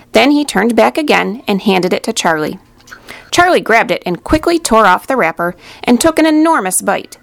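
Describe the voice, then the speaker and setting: A woman reading a children's storybook aloud in a gentle, expressive way, with a slightly gravelly voice. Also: medium pitch, no room sound. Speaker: narrator.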